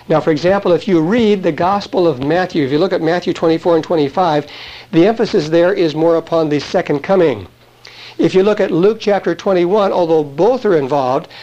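A man's voice: on the high side, warm tone. Dull lo-fi tape of a male preacher. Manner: explanatory, conversational asides to the congregation. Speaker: pastor. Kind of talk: verse-by-verse Bible teaching.

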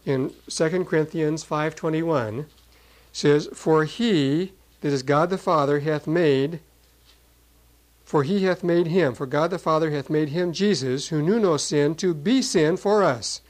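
A male preacher teaching from the Bible in an earnest, measured sermon. His voice sits a little higher than most men's. He reads scripture aloud with weight and pauses to explain it. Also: low-quality recording. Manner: restarts and fillers while explaining.

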